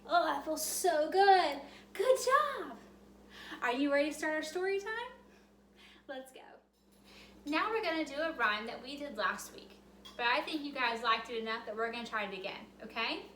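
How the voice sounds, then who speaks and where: A woman with a high, bright-pitched voice leads a children's yoga storytime. She talks in a cheerful, sing-song way as she walks small kids through each move. Her voice rings out in a roomy, echoey space. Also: a little fast, slight background noise.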